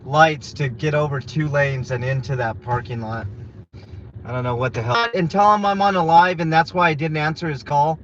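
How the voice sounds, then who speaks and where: A man's voice: on the high side, normal speed. A man live-streaming while driving, who talks bluntly and gives opinions to his viewers. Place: car on the road. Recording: muffled lo-fi with loud road noise.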